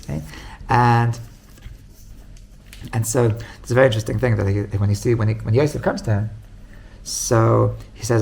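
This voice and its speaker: A man teaching as a rabbi, telling a story with lively acted-out quotes and frequent restarts. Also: fast talker, gravelly. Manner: animated storytelling, acts out quoted voices with big pitch jumps; many restarts and repeated words. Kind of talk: storytelling Torah class.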